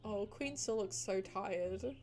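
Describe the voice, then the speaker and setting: A woman's voice: medium pitch, slow, darkish tone. A young woman streamer, playful and chatty, reading and commenting on a cozy game.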